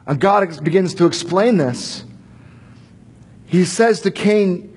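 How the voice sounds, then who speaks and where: A man's voice: mid-range voice, animated, moderate pace, breathy edge. A man preaching a sermon, talking casually and acting out quoted dialogue. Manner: acts out voices of God and Cain in quoted dialogue, casual phrasing.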